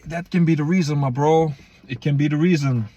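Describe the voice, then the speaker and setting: A man's voice: fairly high pitch, a little fast, dark tone, dull audio. A young man casually talking to viewers as a fitness vlogger, slangy and loose, calling them guys and bro. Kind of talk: casual advice vlog.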